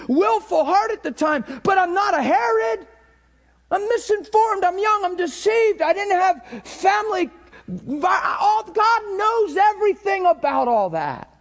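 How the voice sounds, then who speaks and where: A middle-aged male pastor preaching a sermon with passion, dropping to near whispers and rising to shouts. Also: very high voice. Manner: impassioned preaching that swings between hushed and shouted.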